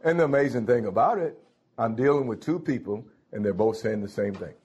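A man's voice: mid-range voice, expressive, a little fast, a little mellow, breathy edge, lo-fi sound. A man preaching a sermon, calling out to his congregation. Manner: folksy, calls out to the congregation.

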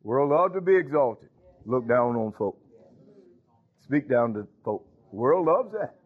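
A man's voice: mid-range voice, lively intonation, unhurried, slightly rough. Emphatic preaching man over a tinny line. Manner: emphatic preaching with call-and-response interjections. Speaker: pastor. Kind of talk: sermon. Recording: tinny phone-like sound.

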